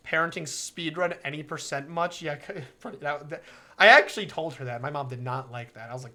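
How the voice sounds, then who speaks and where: A man's voice: on the high side, a little fast, bright, forceful tone. A young man streaming a visual novel, chatting casually, laughing often and swearing freely. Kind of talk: casual live-stream commentary.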